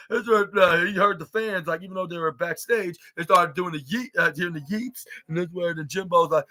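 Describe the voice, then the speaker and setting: A man's voice: sits high, brisk, hardly any pauses, bright, forceful tone. A man hosting a podcast, recapping wrestling in a rambling casual way, full of "like" and "uh" and restarted sentences. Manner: rambling, heavy on "like" and "uh". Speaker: podcast host.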